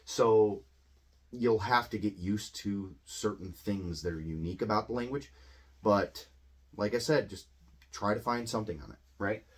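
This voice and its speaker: A man's voice: lowish voice, normal speed, husky. A man giving a casual, rambling English lesson, often repeating and restarting words. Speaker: English teacher.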